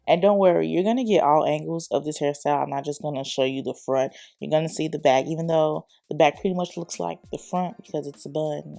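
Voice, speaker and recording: A young woman, chatty and quick to laugh, talks the viewer through a hairstyle. Her voice sits a little low, with a gravelly edge and a warm, mellow tone. Soft music plays under her. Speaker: hair tutorial vlogger. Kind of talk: casual chatty voice-over tutorial.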